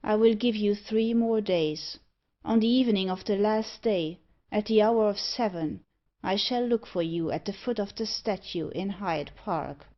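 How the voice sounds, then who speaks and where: A woman's voice: medium pitch, a little slow, lightly acted. Lady reading a stern commanding creepy stranger, dull lo-fi sound.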